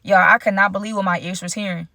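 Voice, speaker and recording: A woman's voice: mid-range voice, steady tone, fast talker, gravelly, bright, forceful tone, dry recording. A young woman telling a dramatic personal story to her viewers in a casual way, speaking straight to them. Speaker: storytime vlogger.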